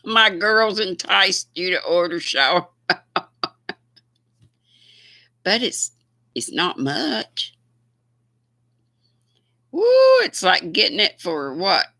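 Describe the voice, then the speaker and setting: Slow folksy older Southern woman. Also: lowish voice, animated, gravelly, pushed and bright, no echo. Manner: folksy, chatty, laughs often. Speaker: livestream host. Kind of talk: casual livestream chat with viewers.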